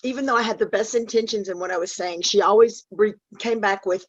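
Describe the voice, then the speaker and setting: A woman's voice: medium pitch, steady tone, a little fast, few pauses, husky, no room sound. A woman in a training session speaking up on a video call, reflective and sharing from her own life. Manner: reflective, sharing a personal anecdote. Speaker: training participant. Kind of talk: group discussion comment. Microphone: video call app. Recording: dull dry video-call audio.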